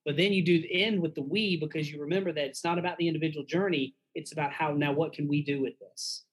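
A man's voice: a little high, steady tone, fast talker, breathy edge, poor audio. A man, a pastor and guest, giving frank, earnest advice in a casual conversational way.

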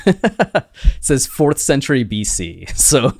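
A man's voice: medium pitch, very animated, slow pace, gravelly, dry recording, clean studio sound. A man co-hosting a podcast, telling a story in a playful, rambling way with many fillers. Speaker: podcast co-host. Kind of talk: casual chat.

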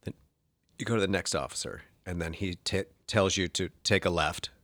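A man telling a funny story in casual chat, animated, lifting into higher, sillier voices when he quotes people. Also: moderate pace, no echo.

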